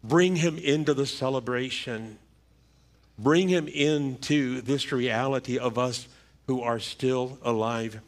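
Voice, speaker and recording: A middle-aged man, a pastor, giving a funeral sermon in a church with a measured, halting delivery and repeated words. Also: mid-range voice. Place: church sanctuary. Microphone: livestream church microphone.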